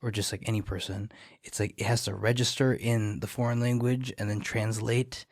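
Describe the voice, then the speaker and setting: A man's voice: fairly low pitch, little pitch movement, normal speed, dry recording, studio quality. A young man, a barber guest on a podcast, chatting casually and telling rambling stories full of fillers. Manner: rambling storyteller, many "like" fillers. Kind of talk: casual chat.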